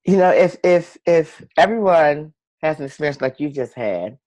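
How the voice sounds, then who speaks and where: A woman's voice: deep voice, lively intonation, normal speed, a little mellow, dry recording. A woman hosting an interview, encouraging her guest with small affirmations and sharing her own story in a casual way.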